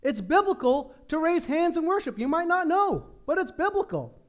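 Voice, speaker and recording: A man with a strikingly high voice delivers a sermon in a church. He is emphatic and swings between hushed, prayerful moments and loud urging. He preaches as the congregation's pastor. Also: sing-song, moderate pace, muffled recording. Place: church sanctuary.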